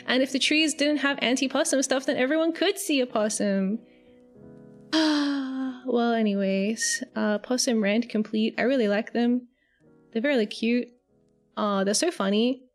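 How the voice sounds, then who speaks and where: Young Australian woman, a streamer, rambling and giggly, a touch high, faint music behind. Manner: rambling, giggly, with casual swearing. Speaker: VTuber streamer. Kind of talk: casual live-stream chat.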